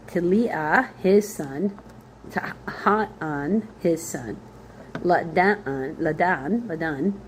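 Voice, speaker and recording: A woman's voice: sits low, slight background noise. A woman leading a Bible study, reading names from scripture aloud, spelling hard ones out letter by letter and thinking aloud with fillers.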